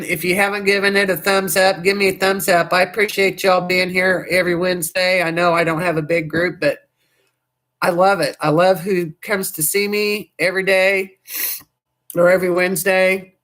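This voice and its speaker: A woman hosts a casual livestream, chatting to viewers in a loose, rambling way. Her voice sounds hoarse, and her sentences often trail off and restart. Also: fairly low pitch, steady tone, moderate pace, fairly bright tone. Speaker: livestream host.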